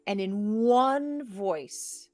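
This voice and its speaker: Slow-narrating woman game master. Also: medium pitch, darkish tone, no room sound, clean studio sound.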